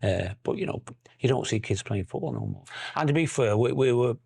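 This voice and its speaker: A man's voice: medium pitch, animated, fairly quick, vocal fry, a little mellow, breathy edge, no room sound. An older man with a Scouse accent, a former footballer chatting casually in an interview, rambling and laughing often. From Liverpool area.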